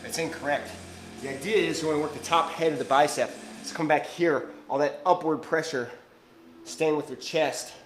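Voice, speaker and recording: A man's voice: fairly high pitch, fairly even intonation, normal speed, over music, low-quality recording. A man coaching a live gym workout, breathless between sets, explaining technique. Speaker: fitness coach.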